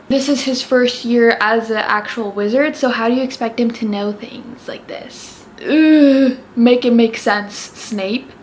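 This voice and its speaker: A young woman chats through her thoughts on a book she just read, casual and animated, leaning on fillers like "like" and "literally". Her voice sits a little high. A faint hum of room noise lingers behind her. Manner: chatty and animated, lots of "like" and "literally". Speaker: reading vlogger. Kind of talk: casual book review vlog.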